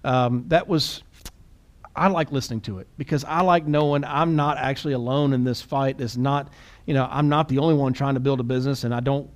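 A male podcast host in relaxed conversation. He talks quickly and eagerly, with frequent restarts and repeated words. His voice sits at an ordinary middle pitch. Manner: animated and quick. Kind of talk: casual podcast chat.

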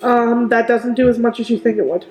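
A woman's voice: a little high, steady tone, a little fast, darkish tone, reverberant, faint music behind, low-quality recording. A woman acting as game master, narrating a tabletop game in an easygoing way, with frequent ums and laughter.

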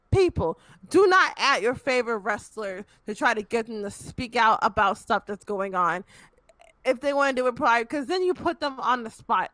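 A woman's voice: on the high side, a bit bright, no echo. A young woman in casual talk, ranting bluntly and profanely, exasperated.

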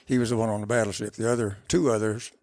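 An older man with a gravelly, creaky voice drifts through one memory after another as a guest in a relaxed interview. The sound is close and dry, with no room around it, and he often starts over mid-sentence. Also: on the low side, no room sound. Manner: rambling, unhurried recollection with restarts. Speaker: interview guest, country musician. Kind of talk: casual storytelling interview.

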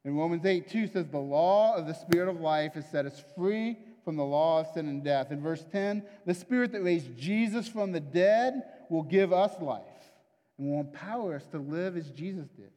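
A man's voice: fairly high pitch, normal speed, mellow. A man preaching a sermon in a conversational, confessional way, often checking in with the listeners. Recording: long hall reverb.

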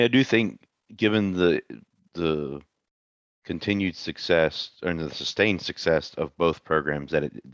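A man's voice: a bass voice, no room sound. A man co-hosting a casual sports chat, talking in a dry, sarcastic way. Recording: dull lo-fi mic.

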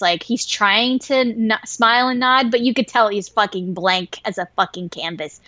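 A woman co-hosting a podcast and telling a work story in an animated, profane way, full of fillers. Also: mid-range voice, no echo. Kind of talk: casual storytelling. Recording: dull dry lo-fi sound.

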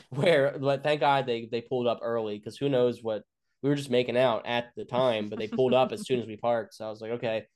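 Man in his twenties, comedian guest, loose rambling storyteller with plenty of likes and restarts; mid-pitched, everyday voice. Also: fairly even intonation, brisk, darkish tone. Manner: rambling, many fillers and restarts, swears freely. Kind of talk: casual storytelling chat.

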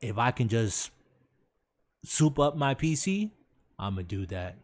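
A man's voice: medium pitch, very animated, slow pace. A man hosting a casual gaming podcast live stream, reading chat comments aloud in a laid-back way. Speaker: podcast host.

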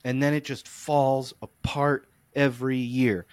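Animated young man with a dry voice. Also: mid-range voice, a little slow, dry recording. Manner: animated, comic storytelling, rants. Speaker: podcast co-host. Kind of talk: casual chat.

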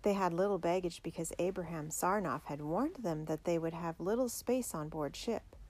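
A woman narrating a children's biography aloud in a steady, clear storytelling manner. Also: fairly low pitch, moderate pace. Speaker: audiobook narrator.

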